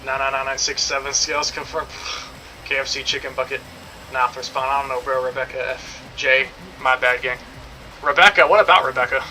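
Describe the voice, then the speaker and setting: A man's voice: mid-range voice, fairly even intonation, brisk, sharp tone, slight background noise, rough recording. A young man streaming a game, rambling and joking in casual commentary, swearing now and then.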